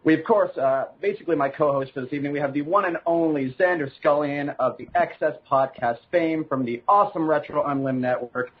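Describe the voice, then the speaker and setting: A man's voice: a little high, brisk, few pauses, breathy edge, narrow, tinny audio. A Canadian man hosting a casual gaming podcast panel, giving rambling, upbeat introductions. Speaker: podcast host.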